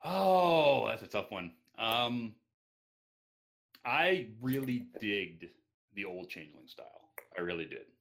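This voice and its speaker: A man answering interview questions casually, hesitant with frequent pauses and restarts. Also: fairly low pitch, animated, a bit bright. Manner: hesitant, many ums and restarts. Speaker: interview guest.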